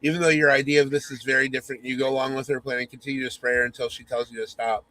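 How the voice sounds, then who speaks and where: A man's voice: mid-range voice, flat delivery, rapid-fire, sharp tone, low-quality recording. Mock-sultry male storyteller. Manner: mock-sultry narration with teasing asides. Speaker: podcast host. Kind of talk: comedic reading of a spoof romance story.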